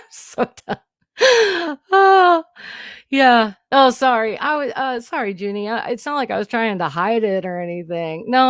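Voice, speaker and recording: A woman with a lowish voice hosts a casual livestream through a new studio mic, the audio echo-free and studio quality. She comes across nervous and emotional, rambling candidly, swearing and restarting her sentences again and again.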